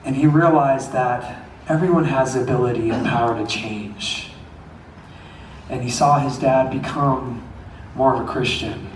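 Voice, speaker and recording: A man's voice: mid-range voice, measured pace, slight background noise. A young man with a slight Southern twang, a singer chatting between songs at a concert, rambling with lots of fillers. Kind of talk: concert stage talk. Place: concert venue. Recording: echoey venue from far off.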